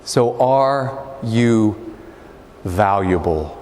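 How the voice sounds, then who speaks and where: A man's voice: lowish voice, animated, very slow, darkish tone. A man from New Mexico, folksy and joking, telling stories in a humorous speech, recorded in a large echoey hall. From New Mexico, USA. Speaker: keynote speaker. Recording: echoey hall with faint background noise.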